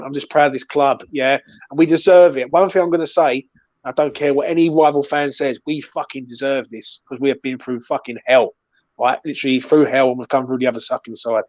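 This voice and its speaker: A man's voice: mid-range voice, brisk, darkish tone, dry recording, dull audio. A man with a London accent hosting a casual post-match fan chat, passionate and swearing often, tagging "yeah" and "right" onto his lines. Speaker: fan channel host.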